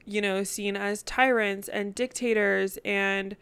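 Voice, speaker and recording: A young woman co-hosting a podcast, chatting earnestly and walking through points in a measured way. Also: medium pitch, steady tone, fairly bright tone, smooth, no echo. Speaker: podcast co-host. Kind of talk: casual chat.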